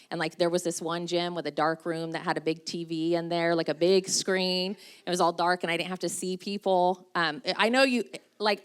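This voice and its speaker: Middle-aged woman preaching casually, self-deprecating, laughs a lot, lowish voice. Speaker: speaker at a women's church breakfast. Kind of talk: casual sermon.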